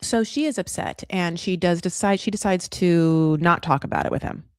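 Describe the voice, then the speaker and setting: A woman's voice: fairly low pitch, smooth, no echo. Gossipy woman host, dry close sound. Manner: chatty, gossipy, acts out the cast in quick voices. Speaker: podcast host recapping a reality show. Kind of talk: casual chat.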